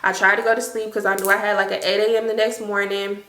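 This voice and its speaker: A young woman, telling an animated, slangy storytime to her viewers. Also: mid-range voice, fast talker, echoey room. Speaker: storytime vlogger. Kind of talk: casual storytime.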